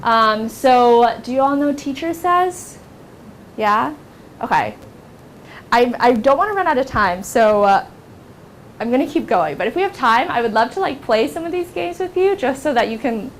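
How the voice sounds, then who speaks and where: A woman's voice: on the high side, very animated, normal speed, a little hiss or hum. A young American woman teaching a teacher-training workshop in a classroom, speaking casually with many fillers like "like" and "um". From United States. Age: young adult. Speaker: workshop instructor.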